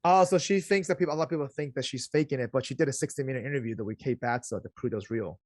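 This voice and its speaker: A man co-hosting a casual podcast chat, excitable and quick to interrupt with questions. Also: medium pitch, no room sound, studio quality. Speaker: podcast co-host.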